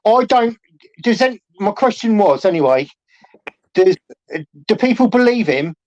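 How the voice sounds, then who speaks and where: A man's voice: high-pitched, very animated, a little slow, a little mellow, dry recording. A man on a livestream panel, hesitant and apologetic, with plenty of fillers. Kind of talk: casual livestream panel chat. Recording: dull lo-fi stream audio.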